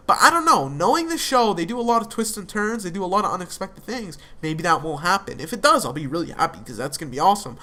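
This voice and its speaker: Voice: mid-range voice, animated, brisk, sharp tone. A young adult speaker recapping a TV episode in a casual, rambling way, full of fillers and restarts. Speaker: TV episode reviewer.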